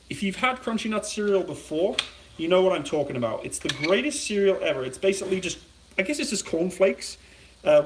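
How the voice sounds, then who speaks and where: British man, slightly high voice, rambling livestream chat, cooking at home, mic a bit far off in an echoey room. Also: slight background noise. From Britain. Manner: rambling, chatty, reads viewer comments aloud. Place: home kitchen.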